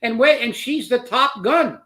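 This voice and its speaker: A man's voice: very high-pitched, expressive, a little slow, pushed and bright. A man hosting a political commentary show, talking in a sarcastic, mocking way and laughing as he makes his points.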